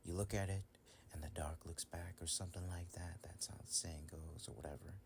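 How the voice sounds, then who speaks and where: A man's voice: low voice, fairly even intonation, a little fast, vocal fry, a little hiss or hum. A man making a solo voice recording in whispered role-play style, ranting with lots of cursing and laughter. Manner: whispered, cursing rant, swings to loud laughing outbursts.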